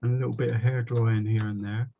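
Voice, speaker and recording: Over a video call, a West Country man teaches watercolour in a loose, chatty way, wandering off topic and mocking himself along the way. He talks quickly at a medium pitch with a level tone and some vocal fry, on a muffled recording with slight background noise.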